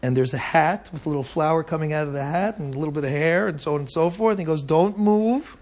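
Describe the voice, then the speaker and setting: A man's voice: on the high side, very fast. A man teaching a Torah class to a live audience, talking conversationally and often checking in with asides like "right?".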